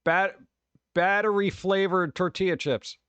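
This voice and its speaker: A man giving casual live-stream commentary with a slightly high voice. He rambles, trips over words and sounds exasperated and sarcastic. The recording is dry and close. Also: measured pace, a bit bright, clear, resonant tone, dry recording. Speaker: streamer reacting to food videos.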